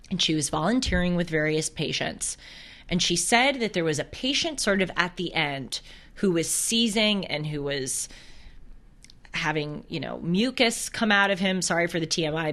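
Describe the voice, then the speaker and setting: A woman's voice: on the low side, fairly bright tone. A young woman hosting a casual faith talk on camera, telling stories earnestly with small restarts. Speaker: host. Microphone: camera close to her.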